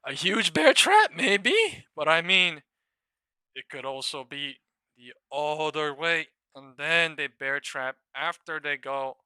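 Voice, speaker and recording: A man live-streaming stock trading, talking to his viewers in a loose, profane, excitable way. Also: fairly high pitch, takes it slowly, clean tone, dry recording. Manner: profane, excitable, laughs and shouts at market moves. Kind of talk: live-stream market commentary.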